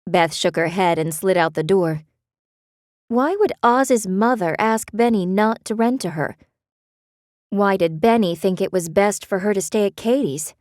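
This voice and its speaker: A woman narrating a romance audiobook in a steady storytelling manner. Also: mid-range voice, measured pace, dry recording, studio quality. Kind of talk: scripted narration.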